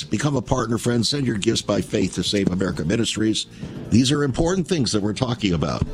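A man preaching an emphatic broadcast sermon, addressing listeners as friends. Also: medium pitch. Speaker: radio preacher.

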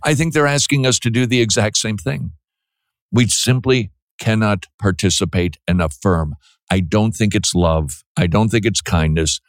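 Low-voiced guy preaching on call-in radio, blunt, keeps restarting his sentences, dry close mic. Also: no room sound. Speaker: radio host.

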